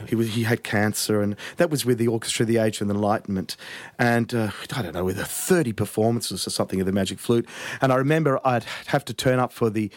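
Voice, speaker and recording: Interview guest: male conductor, lowish voice, animated storyteller. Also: quick pace, no echo. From Australia. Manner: animated anecdotes with frequent restarts.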